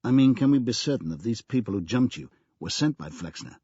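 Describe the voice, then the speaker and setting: A man's voice: mid-range voice, expressive, brisk, dark tone, breathy edge, dry recording, dull audio. A man voicing a skeptical male police lieutenant who asks terse, pressing questions.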